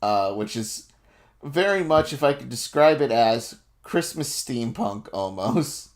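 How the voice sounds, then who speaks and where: A man's voice: mid-range voice, lively intonation. A man narrating as game master of a tabletop game, rambling and laughing through his descriptions. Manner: slow, rambling descriptions with many fillers and laughs.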